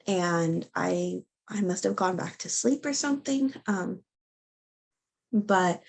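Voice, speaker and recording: Gravelly-voiced woman telling her story. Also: medium pitch, a little mellow. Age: young adult. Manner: halting, many fillers and restarts. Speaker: interview guest sharing her birth story. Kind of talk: personal storytelling.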